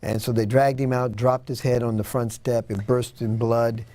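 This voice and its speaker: A man's voice: medium pitch, little pitch movement, normal speed, warm tone, no echo. A man telling a personal story in an interview, earnest and dramatic, acting out what people said. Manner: earnest, dramatic retelling with acted-out quotes. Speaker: guest.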